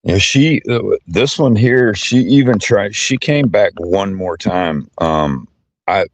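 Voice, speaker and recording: Male interview guest, very low voice, hesitant, lots of ums, dry close sound. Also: lively intonation, takes it slowly, dry recording. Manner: hesitant, with many ums and uhs. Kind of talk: casual conversational interview.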